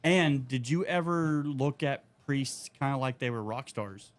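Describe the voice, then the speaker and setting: A man's voice: mid-range voice, a little slow. A man, co-hosting a podcast and riffing in a profane, ranting way. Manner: ranting, profane, animated tangents. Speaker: podcast co-host. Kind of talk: casual chat.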